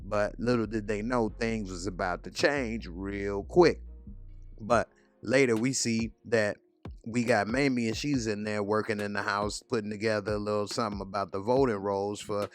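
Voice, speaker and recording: Low-voiced man casually recapping a show. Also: steady tone, moderate pace, soft background music. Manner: loose, conversational storytelling with slang. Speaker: TV review host.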